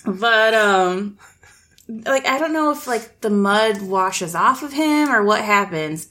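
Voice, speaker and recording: A woman's voice: mid-range voice, expressive, slow pace, bright, forceful tone. A woman with a Midwestern American accent chatting casually as a podcast co-host, rambling with lots of "like" and dry sarcasm. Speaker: podcast co-host recapping a film. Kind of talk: casual chat.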